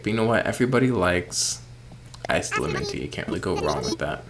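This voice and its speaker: A sleepy man chatting casually and rambling while playing a game late at night, with sudden excited squeals. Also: sits low, quick pace, noisy background. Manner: rambling, self-deprecating, bursts of excited squeals. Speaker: streamer.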